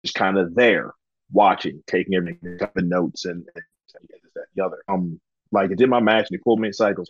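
A low-pitched man from Georgia recounts his story in an easygoing interview, sprinkling in ums and voicing the people he quotes. The recording is dry and close but somewhat dull and muffled. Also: fast, no room sound. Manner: relaxed, chatty, frequent ums, acts out quoted dialogue. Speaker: guest, professional wrestler.

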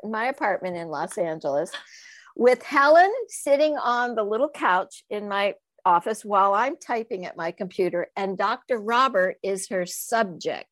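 A woman's voice: medium pitch, normal speed, no echo. A woman sex coach and author telling stories in a casual interview, laughing often and acting out the voices of people she quotes. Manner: animated, laughing storyteller who acts out quoted voices.

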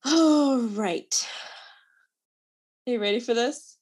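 A woman co-hosting a podcast, chatting about books in a relaxed, candid way. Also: fairly high pitch, drawn-out words, husky. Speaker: podcast co-host. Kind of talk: casual book chat.

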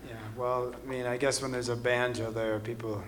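A man's voice: mid-range voice, flat delivery, moderate pace, slight background noise. A man guesting on a radio show as a band member, answering in an easygoing, joking way with hesitant fillers. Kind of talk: casual interview answers.

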